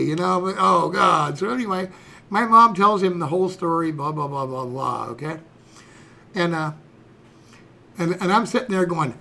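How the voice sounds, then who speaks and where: A man's voice: high voice, animated, moderate pace, bright, forceful tone. A man in his sixties, a streamer telling a personal story in a rambling, folksy way, dropping "you know" and "okay" throughout. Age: 60s.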